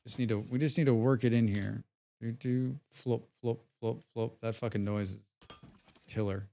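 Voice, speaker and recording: A man's voice: on the low side, steady tone, normal speed, creaky, dark tone. A man casually commentating his own game stream from home, muttering, humming and swearing as he plays.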